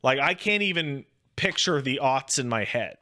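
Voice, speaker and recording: Bright-voiced man ranting sardonically. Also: mid-range voice, lively intonation, moderate pace. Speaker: co-host. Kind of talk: casual chat.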